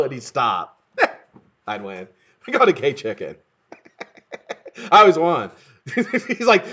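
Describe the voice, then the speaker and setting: A man's voice: high-pitched, quick pace, long pauses. A man hosting a live stream, chatting casually and greeting viewers by name, cursing freely and laughing often. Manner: profane, excitable, laughing often, shouting names to greet viewers. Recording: dull lo-fi webcam audio.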